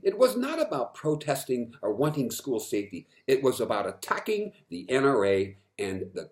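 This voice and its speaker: A man speaking to camera in an impassioned monologue, frustrated, swinging from quiet stretches to loud emphatic outbursts and repeating words when worked up. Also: mid-range voice, huge pitch swings, normal speed, few pauses. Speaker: vlogger.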